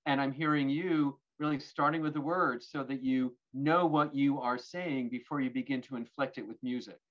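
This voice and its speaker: A man hosting an interview, asking measured questions and affirming his guest. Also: medium pitch, fairly even intonation. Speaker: interview host, arts organization president. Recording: dull lo-fi sound.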